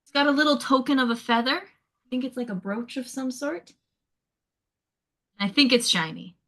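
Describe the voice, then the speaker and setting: A woman playing in a tabletop game, chatty and excitable, describing her character's actions. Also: sits high, normal speed. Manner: chatty, excitable, full of likes. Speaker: player.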